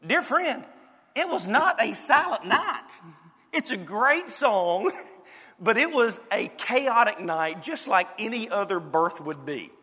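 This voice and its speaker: A man with a Southern accent preaching a lively, playful sermon, dropping suddenly to quiet moments. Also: sits high, slow, husky, big-room sound. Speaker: pastor.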